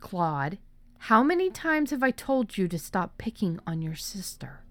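A woman's voice: mid-range voice, animated, a little slow, no room sound, pitched above the performer's own voice. A woman voicing a cheerful, scolding ghost mother in a storybook reading.

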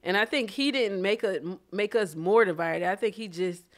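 A woman's voice: mid-range voice, moderate pace. A woman co-hosting a casual chat, blunt and profane, who laughs often. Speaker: podcast co-host.

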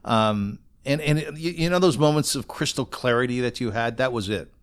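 A man's voice: mid-range voice, normal speed, smooth. A man hosting a podcast, chatting casually and telling a story of his own. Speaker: podcast host. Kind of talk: casual conversational interview.

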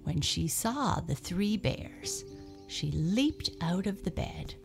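A woman reads a children's storybook aloud at an unhurried pace, her lowish voice swinging widely in pitch. A gravelly fry runs under her words, and her asides fall to a soft breath. Faint music plays behind her. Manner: slow, expressive, drops to soft breathy asides. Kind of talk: storybook reading.

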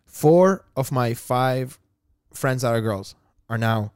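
A man's voice: mid-range voice, lively intonation, slow, darkish tone, clean tone, no room sound, studio quality. A man co-hosting a casual podcast chat, playful and teasing, laughing often. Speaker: podcast co-host.

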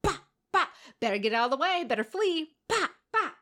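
A woman's voice: high voice, sing-song, moderate pace, fairly bright tone, pitched above the performer's own voice. A woman voicing a moody ancient female earth goddess who talks in a bossy, flippant, swearing way. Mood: gleeful, taunting.

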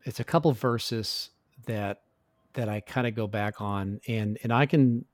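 A man's voice: lowish voice, unhurried, dry recording, clean studio sound. A middle-aged man speaking as a guest in a casual interview, telling his story in an earnest, reflective way. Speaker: podcast guest.

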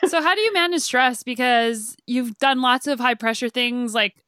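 A woman's voice: fairly high pitch, moderate pace, a bit bright, smooth, no room sound, studio quality. A woman hosting an interview, asking her guest curious, encouraging questions. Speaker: podcast host.

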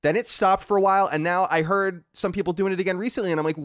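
A man's voice: high-pitched, fast talker, few pauses, no echo, clean studio sound. A man hosting a casual podcast chat, arguing his points with energy and reading out listener mail. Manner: animated, argumentative, reads listener mail. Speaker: podcast host.

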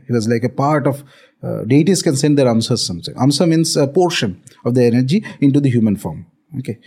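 A man's voice: on the high side, mellow. A middle-aged man with an Indian accent explaining spiritual ideas through a story, dotted with fillers and Hindi words. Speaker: guest, spiritual author. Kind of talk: storytelling podcast conversation.

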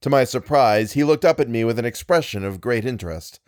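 Expressive male storyteller, lively pitch, dry close sound, measured reading. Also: no room sound. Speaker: audiobook reader. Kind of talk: scripted literary narration.

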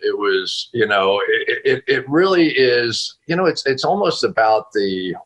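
A man being interviewed as a football analyst over a video call from home, telling a story in a casual, animated way with frequent laughs and restarts. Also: medium pitch, unhurried, low-quality recording.

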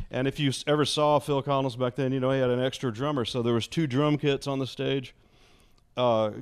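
A man, a former radio DJ, telling a story in casual chat, animated and laughing often, imitating voices. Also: medium pitch, clean tone.

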